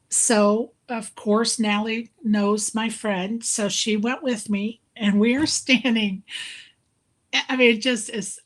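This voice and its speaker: A woman telling a story in casual chat, laughing often as she talks. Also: medium pitch. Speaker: live stream co-host.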